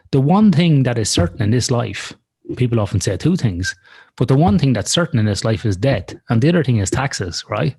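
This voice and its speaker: A man's voice: mid-range voice, a little mellow, husky. A man co-hosting a podcast in casual conversation, talking frankly and rambling through examples, with some swearing. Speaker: podcast co-host. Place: lives in Australia.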